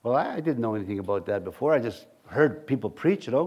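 A man's voice: mid-range voice, big pitch swings, fast, darkish tone, slightly rough. A middle-aged man, preaching a conversational sermon to a congregation in a church. He rambles and jokes, often laughing at his own stories.

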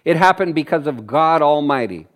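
High-voiced man preaching with animated energy. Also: normal speed. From Canada. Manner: animated, laughs often, acts out quoted voices. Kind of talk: sermon.

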